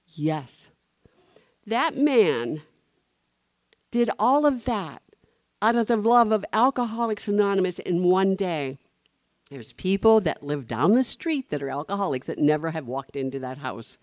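A woman's voice: medium pitch, animated, measured pace, darkish tone, no echo. A middle-aged woman speaking at a recovery meeting, telling a personal story and acting out the dialogue. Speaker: speaker sharing her story.

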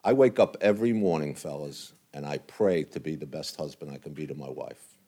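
A man's voice: extremely low pitch, brisk, warm tone, breathy edge. An older man speaking bluntly and earnestly to a men's recovery group, in plain language with some cursing. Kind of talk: candid talk to a men's group.

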